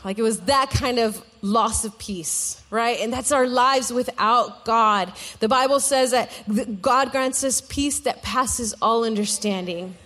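A woman's voice: on the high side, measured pace, few pauses, a bit bright. A young adult woman giving a conversational sermon as a guest speaker, telling personal stories and asking the congregation questions. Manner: conversational, personal storytelling with laughter and asides to the congregation.

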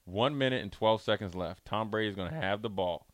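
A man's voice: on the low side, fairly quick, dry recording. A man talking sports in a playful, riffing debate, spinning out game scenarios. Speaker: sports talk host.

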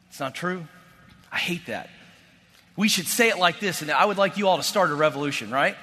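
Guy in his late 30s preaching to a crowd, bright voice, big swings loud to quiet. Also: on the high side, fairly quick. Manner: emphatic, repeats key phrases, swings from loud to hushed. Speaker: motivational speaker. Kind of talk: faith-based motivational talk. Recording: long hall reverb.

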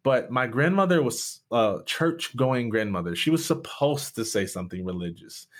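Earnest man pastor, animated storyteller. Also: mid-range voice, normal speed. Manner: earnest, animated retelling with many restarts. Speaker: pastor, podcast guest. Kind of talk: candid storytelling and conversation.

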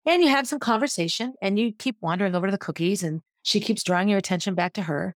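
A woman's voice: mid-range voice, fast, dry recording, clean studio sound. Woman vividly narrating a personal story. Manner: vivid, descriptive, guiding listeners through a scene. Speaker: former teacher telling a personal story.

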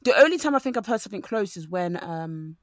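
A woman co-hosting a podcast in casual chat, talking in an animated way and mimicking the people she quotes. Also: mid-range voice, fast talker, no echo, clean studio sound.

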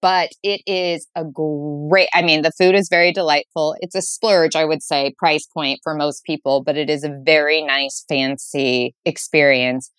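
A woman's voice: low-pitched, fairly even intonation, a little slow, few pauses, fairly bright tone, no echo. A woman guest author on a casual interview show, talking enthusiastically with playful asides and frequent laughter. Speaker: guest author recommending date spots.

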